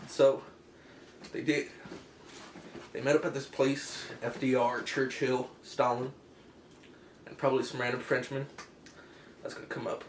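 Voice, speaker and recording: A man's voice: medium pitch, flat delivery, a little slow, pauses often, reverberant, slight background noise. A man giving a casual comedic explainer with pirate slang, rambling and correcting himself offhandedly. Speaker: comic history explainer.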